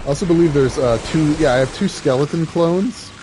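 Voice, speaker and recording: A man's voice: a little high, fairly quick. A man streaming a game, chatting casually in a rambling, joking way with many fillers. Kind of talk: casual gameplay chat. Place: home streaming setup. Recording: game audio noise underneath.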